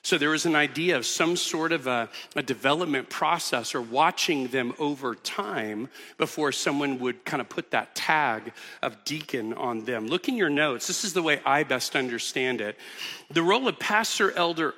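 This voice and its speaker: A man's voice: fairly high pitch, expressive, normal speed, pushed and bright, big-room sound. A man preaching a sermon as pastor, teaching earnestly with emphatic repetitions in a church auditorium.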